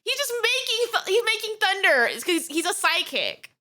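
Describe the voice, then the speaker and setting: Woman streamer, high and very lively delivery, giggly reaction chatter. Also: moderate pace. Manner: animated and giggly, lots of fillers. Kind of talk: casual reaction commentary.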